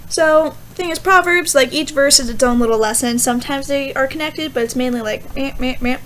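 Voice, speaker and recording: A young woman, a student, rambling casually through a Bible verse vlog with lots of fillers and animated asides. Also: sits high, fairly quick, a little hiss or hum, rough recording. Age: young adult. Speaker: student vlogger.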